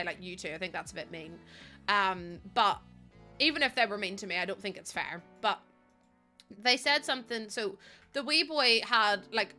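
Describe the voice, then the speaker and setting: A woman's voice: mid-range voice, bright, forceful tone. A young woman streaming a game from home, talking in a chatty, rambling way and laughing often. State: pregnant. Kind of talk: casual live-stream chat.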